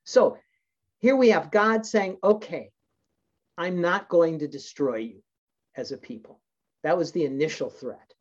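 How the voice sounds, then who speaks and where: A man's voice: a little high, a little slow, long pauses. Man teaching scripture, slightly muffled. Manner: reflective, with frequent fillers and restarts. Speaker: Bible teacher. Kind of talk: sermon with scripture reading.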